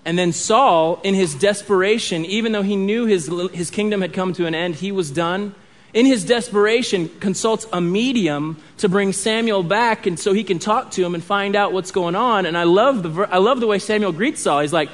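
A man's voice: high-pitched, moderate pace. A man in his thirties preaching a sermon in a conversational way, with restarts and asides. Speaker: pastor.

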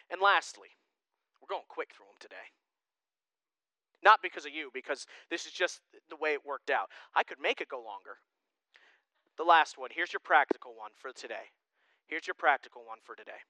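A man preaching a sermon as pastor, emphatic and animated, with joking asides to his congregation. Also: fairly high pitch, moderate pace, pauses often, dry recording.

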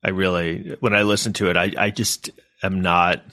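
Halting deep-voiced male podcast host. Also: little pitch movement, sharp tone, dry recording, studio quality. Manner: halting, hesitant, self-deprecating. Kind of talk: casual chat.

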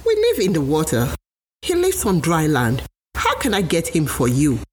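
A woman voicing a sly, scheming male alligator who speaks in a smooth, coaxing way in a storybook tale. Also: low voice, huge pitch swings, normal speed, a little mellow, slight background noise. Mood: gentle.

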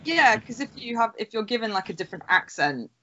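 A woman's voice: a little high, big pitch swings, fairly quick, sharp tone. A woman in a casual podcast chat, explaining things at length with lots of "like" fillers. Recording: dull lo-fi sound.

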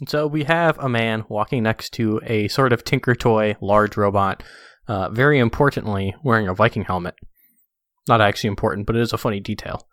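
A podcast co-host in casual chat, teasing and dry, reading a comic out in a deadpan way. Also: medium pitch, a little fast, no echo.

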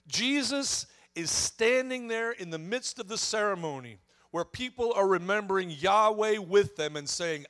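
Expressive high-voiced male preacher. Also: measured pace. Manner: expressive preaching, swelling and dropping for emphasis. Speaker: pastor. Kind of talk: sermon.

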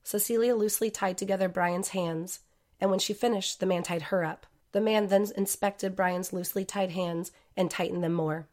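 A woman narrating a true-crime story in a measured, scripted way. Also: medium pitch, steady tone, darkish tone.

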